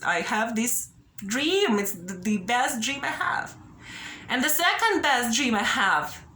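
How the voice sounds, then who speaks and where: A woman's voice: on the high side, bright, forceful tone, echoey room. A young woman vlogging straight to camera, pleading and anxious, ending many sentences with a questioning "yeah?". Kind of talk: direct-to-camera personal appeal.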